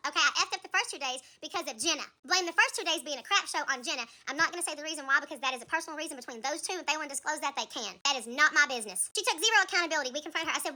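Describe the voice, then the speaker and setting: A woman's voice: high voice, racing, few pauses, sharp tone. A woman telling an emotional story in an emphatic, fired-up rant, repeating her points. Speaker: TikTok creator in a played clip.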